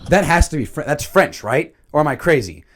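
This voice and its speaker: A man casually rambling through a cartoon movie review, animated, with filler words and mild swearing. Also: on the high side, a little fast. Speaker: channel host.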